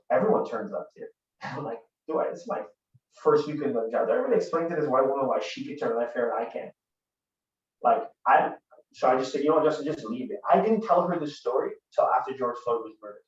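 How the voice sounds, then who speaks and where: A man in his thirties from Canada, giving an earnest, conversational talk built on personal stories. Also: medium pitch. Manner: earnest, conversational, grows forceful. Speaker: guest speaker. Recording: distant roomy lo-fi recording.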